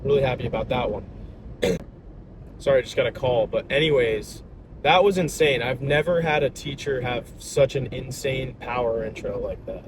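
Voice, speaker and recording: A man's voice: mid-range voice, normal speed. A young man chatting casually in an upbeat, slangy, rambling way, talking straight to his viewers. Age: young adult. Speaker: vlogger and salesman. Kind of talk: casual vlog chat. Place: outdoors by a road. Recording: outdoor traffic noise.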